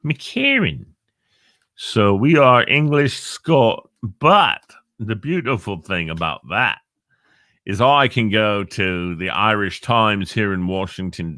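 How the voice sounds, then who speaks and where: A middle-aged man hosts a live online show in a casual live-stream chat, joking and reading out viewers' names. His fairly low voice has a bright, forceful tone, recorded with studio quality and no echo.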